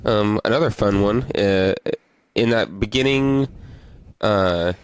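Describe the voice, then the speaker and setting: Male co-host, deep-ish, laid-back rambling podcast chat, dry sound. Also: slow, clean tone, dry recording, low-quality recording. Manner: relaxed, rambling, reads beer labels aloud. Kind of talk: casual chat.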